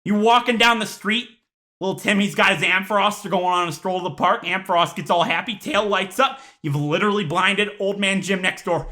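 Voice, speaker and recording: A man doing a comedic rant to camera, mock-outraged with deadpan asides, sighs and laughs. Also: high-pitched, a little fast. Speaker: YouTuber.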